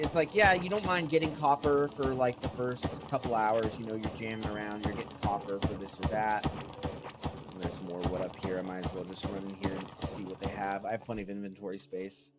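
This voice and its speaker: A man streamer giving casual, rambling gameplay commentary and answering his chat, still congested from a lingering cold. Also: fairly low pitch. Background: game music.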